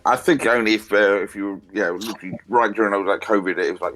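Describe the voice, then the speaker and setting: A man with a lowish voice rambles through his thoughts at the gaming table, slipping into quick impressions of the other players. Faint music sits behind the talk. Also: steady tone, fairly bright tone. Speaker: dungeon master. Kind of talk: casual chat at a tabletop game.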